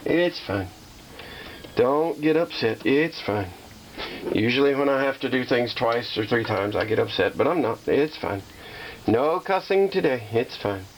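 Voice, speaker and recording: Man, mid pitch, casual workshop vlogger, chatty and self-mocking, faint hiss behind. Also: unhurried. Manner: talks himself down, repeating calming phrases in a singsong way; self-deprecating, chatty with viewers. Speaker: hobbyist restoring a slot machine.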